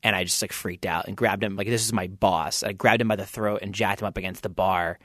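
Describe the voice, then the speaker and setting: A man's voice: deep voice, steady tone, fairly quick, fairly bright tone, dry recording, clean studio sound. A man, a band's lead singer, telling rambling anecdotes as a podcast guest and acting out the people he quotes. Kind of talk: casual interview storytelling.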